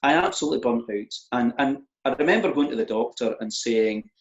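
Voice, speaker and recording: A middle-aged man, a church minister, speaking openly and reflectively in an interview, often halting and repeating words. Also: medium pitch. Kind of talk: candid conversational interview. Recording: echoey, dull lo-fi audio.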